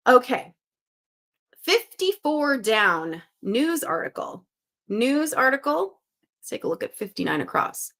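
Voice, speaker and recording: A woman's voice: medium pitch, creaky, a bit bright. A young woman hosting a live puzzle stream, chatting casually and reading out viewers' guesses with upbeat energy. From Western Canada.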